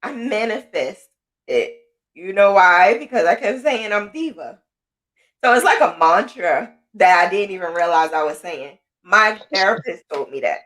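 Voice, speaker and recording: A woman's voice: mid-range voice, expressive, moderate pace, a bit bright. A woman hosting a podcast, telling her own story in casual talk and often repeating phrases for emphasis. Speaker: podcast host.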